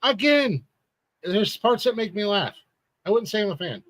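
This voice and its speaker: Bright-voiced teasing man podcasting. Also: high voice, sing-song, normal speed, no room sound. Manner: teasing, laughs often. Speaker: podcast host. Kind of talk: casual banter.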